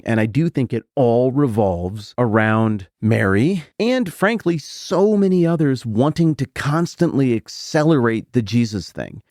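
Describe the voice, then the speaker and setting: A man's voice: medium pitch, a little mellow, no echo, studio quality. A man in his forties, a podcast host, talking through a Bible passage in a casual, musing way with conversational asides. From American Mountain West or Upper Midwest. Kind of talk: casual Bible teaching monologue.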